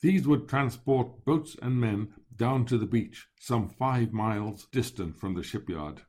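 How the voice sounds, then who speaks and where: A man reads a first-person memoir aloud at a measured, even pace. His voice sits at a middling pitch and he lingers on descriptive passages, giving the storytelling a steady, deliberate feel. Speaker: narrator.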